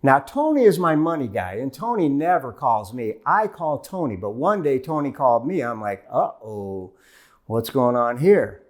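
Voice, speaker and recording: Very animated and mid-range in pitch, a middle-aged man speaks at a moderate pace with hardly any pauses. His motivational keynote, delivered on stage to a live audience, is a story in which he acts out the conversations.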